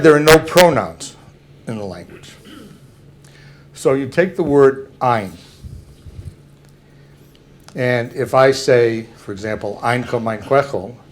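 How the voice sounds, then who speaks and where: An older man giving a public talk, slowly and carefully explaining examples to an audience. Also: mid-range voice, slight background noise.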